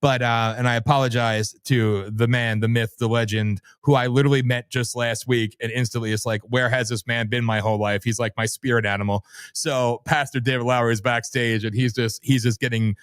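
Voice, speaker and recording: A man hosting his own stream, ranting in a loud, brash way and swearing freely. His delivery is sarcastic and animated, and his voice sits in an ordinary middle register. The sound is close and dry, with no room echo. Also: medium pitch, fairly quick, hardly any pauses, clean tone. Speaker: livestream host. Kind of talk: ranting commentary.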